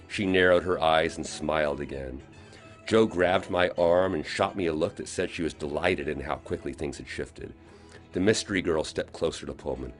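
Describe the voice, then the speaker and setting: A man, the author, reading his own novel aloud in expressive audiobook narration. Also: a bass voice, moderate pace, faint music behind. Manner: expressive storytelling.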